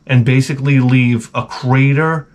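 Guy on a comedy podcast, rambling crude stories, swears a lot, deadpan. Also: mid-range voice, unhurried. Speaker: podcast host.

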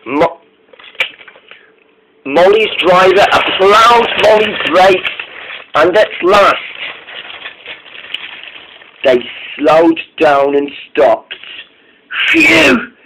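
A young man narrating a train story, halting often and restarting his sentences. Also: high voice, noisy background.

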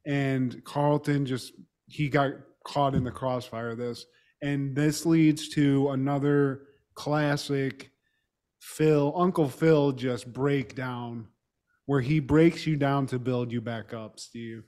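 A man's voice: medium pitch, slow pace. A man co-hosting a podcast, casually retelling a TV episode and slipping into the characters' lines, with some mild swearing. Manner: relaxed storytelling, quoting characters, mild swearing. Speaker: podcast co-host. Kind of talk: casual chat recapping a TV episode.

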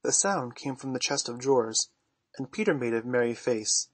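A man reading a classic children's novel aloud in measured storytelling. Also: medium pitch, lively intonation, no echo. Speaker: audiobook narrator. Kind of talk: scripted narration of a classic novel.

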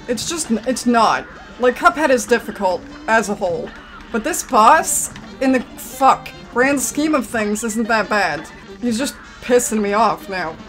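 A woman's voice: fairly high pitch, expressive, unhurried, fairly bright tone, faint music behind. Exasperated woman ranting over gameplay. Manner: exasperated, grumbling, swings to outbursts. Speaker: gaming commentator. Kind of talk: frustrated let's-play commentary.

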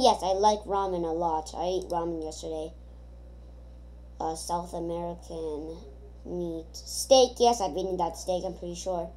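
Woman gamer, mellow tone, casual rambling commentary full of ums and restarts. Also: on the low side, a little hiss or hum. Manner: rambling, thinking aloud with many hesitations.

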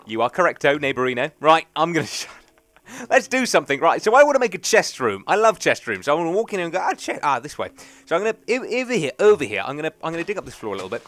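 A man's voice: a little high, big pitch swings, rapid-fire, fairly bright tone, no echo. A young man, rambling and joking through casual let's play commentary. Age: young adult. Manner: rambling, chatty, jokey. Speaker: gaming commentator.

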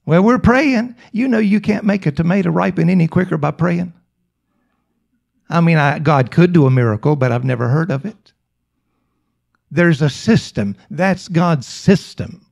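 Gravelly, emphatic male preacher. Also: on the high side, a little mellow. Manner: slow, emphatic, repetitive phrasing. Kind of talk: sermon storytelling.

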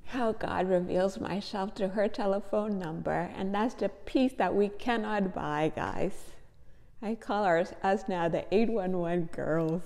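A woman's voice: medium pitch, measured pace, gravelly, darkish tone, in a large hall. A tired, tearful woman speaking to her viewers in a heartfelt testimony, repeating her phrases. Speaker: faith vlogger.

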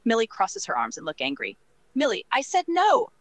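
A woman's voice: on the low side, big pitch swings, fairly quick, fairly bright tone, low-quality recording. A synthetic woman's voice reading a young British chatbot character, narrating her own actions in a prim tone. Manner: reads actions and lines aloud, prim. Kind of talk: text-to-speech chatbot roleplay.

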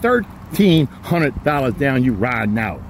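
A man giving a folksy, joking walkaround sales pitch on a used car lot. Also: big pitch swings, unhurried, creaky, noisy background. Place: outdoors on a rainy car lot.

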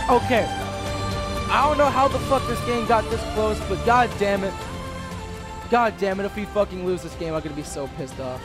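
A young man giving raging, expletive-filled commentary over his own basketball game, yelling and cursing at the players. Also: sits high, moderate pace. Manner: swears constantly, yells and curses at the game. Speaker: gaming channel host. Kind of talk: raging live gameplay commentary. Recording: game music behind the voice.

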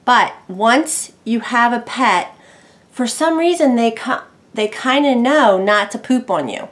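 A woman chatting casually at home about her pet bird, meandering with ums and asides and talking softly to the bird now and then. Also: on the high side, lively intonation, takes it slowly. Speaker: bird owner vlogger. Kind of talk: casual explanatory chat.

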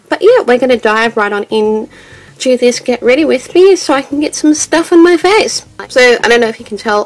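A young woman talks through a relaxed beauty vlog, her voice nasal and stuffy. There's a gravelly edge of fry in her speech as she rambles on in a chatty way. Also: mid-range voice. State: nasal from bronchitis. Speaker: beauty vlogger. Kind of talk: chatty get-ready-with-me vlog.

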